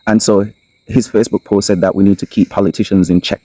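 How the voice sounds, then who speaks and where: Deep-voiced Kittitian man, emphatic and dry. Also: steady tone, warm tone, dry recording, rough recording. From Saint Kitts. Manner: emphatic, repeats lines, slows for stress. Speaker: channel host. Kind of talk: impassioned solo commentary. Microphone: camera mic.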